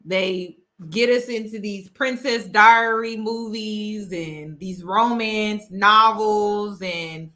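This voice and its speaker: Bright-voiced woman hosting an emphatic commentary. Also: mid-range voice. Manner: emphatic, repeats key phrases. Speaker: host. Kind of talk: casual commentary to camera.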